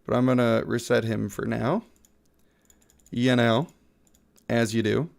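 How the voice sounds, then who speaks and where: Smooth-voiced sick man streaming a game. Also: mid-range voice, fairly even intonation, a little slow. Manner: playful, jokey, chatting with viewers. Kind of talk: casual live-stream commentary.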